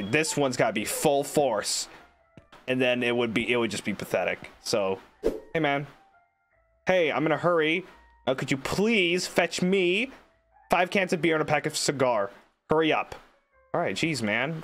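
A man streaming a game, rambling, joking and swearing in casual commentary. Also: mid-range voice. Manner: rambling, swearing, jokey outbursts.

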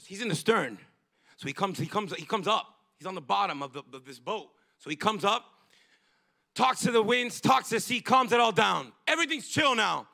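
A male pastor delivering a fervent, emphatic sermon that rises into bursts of shouting. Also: high-pitched, lively intonation, fairly quick, gravelly. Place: church.

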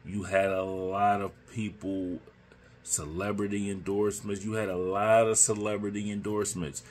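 A man hosting his own podcast, giving slow, emphatic political commentary and repeating his points. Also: on the low side, flat delivery. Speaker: podcast host.

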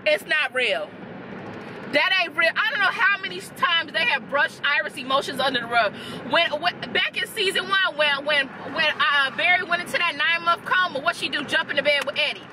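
A young woman vlogger rants about a TV episode in a blunt, profane and animated way. Her voice sits high. Loud traffic noise carries behind her as she talks from a car. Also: normal speed, crowd noise. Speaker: TV review vlogger. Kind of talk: casual ranting review.

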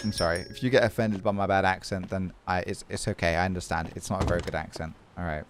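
A man's voice: deep voice, quick pace, over loud music. A man giving casual, sarcastic, joking commentary on a horror game. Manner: animated, joking, swears, sarcastic. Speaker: gaming creator.

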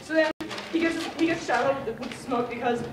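A woman's voice: sits high, a little fast, background noise. A woman casually retelling a story for laughs, giggly and rambling. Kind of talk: casual comic plot retelling. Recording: echoey room, far mic, crowd chatter.

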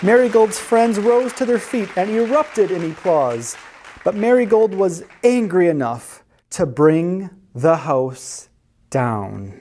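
A library storyteller reading picture books aloud to children. The voice rises and falls in a very lively way, and the reading moves at an unhurried pace. Questions and explanations for the young listeners are woven into the story. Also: mid-range voice, some chatter behind, slight background noise. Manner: animated, asks listeners questions and explains words.

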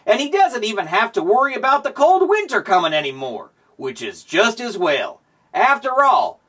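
A man hosting a show and reading a children's storybook aloud in a slow, expressive storytelling way. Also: high-pitched, distant mic. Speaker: show host.

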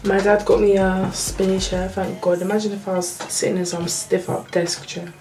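A woman's voice: medium pitch, flat delivery, normal speed, music in the background. A young woman, a university student chatting casually and bluntly to camera in her new room. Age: young adult.

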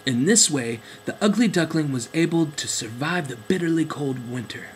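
A man narrating a children's storybook in a gentle, expressive way. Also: a little high, normal speed, slight background noise, rough recording.

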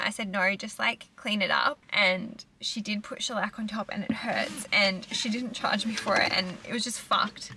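A woman's voice: a little high, bright, forceful tone. A young woman with an Australian accent, chatting casually to a handheld camera as a vlogger and swearing freely in rambling asides. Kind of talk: casual vlog talk to camera.

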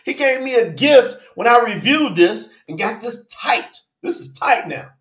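Fervent high-voiced preacher in an echoey room. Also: male voice, animated, a little slow. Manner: fervent, calls out to viewers by name; swings between shouting and low murmurs. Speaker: preacher hosting a live Bible study. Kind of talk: livestream sermon.

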